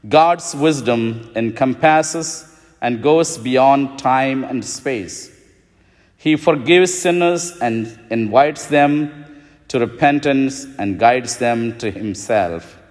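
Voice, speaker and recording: Slow-preaching priest in a reverberant church. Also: male voice, mid-range voice. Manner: slow, measured storytelling delivery. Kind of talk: homily.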